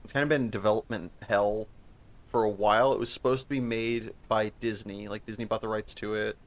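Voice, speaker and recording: Speaking a little fast in a fairly low voice with fairly even intonation, a man rambles through a casual podcast chat about a movie. He swears a lot and frequently restarts what he's saying.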